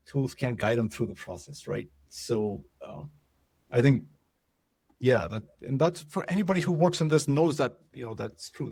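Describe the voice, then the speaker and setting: Guy running a webinar, kinda raspy voice, rambly and chatty. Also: mid-range voice, darkish tone, dry recording. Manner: loose and conversational, many fillers and checks for understanding. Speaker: webinar presenter. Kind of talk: casual webinar talk.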